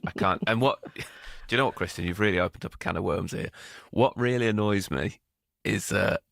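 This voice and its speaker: A man with a very low, gravelly voice chats in a relaxed, dry, self-deprecating way. The sound is close and dry, with no room around it. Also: brisk, no echo. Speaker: podcast co-host. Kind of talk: relaxed casual chat.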